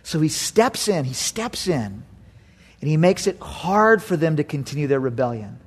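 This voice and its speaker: A man with a fairly high voice preaching a sermon. He talks in an animated way and slips into sarcastic little acted voices for the people in his story. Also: normal speed, slightly rough. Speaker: pastor.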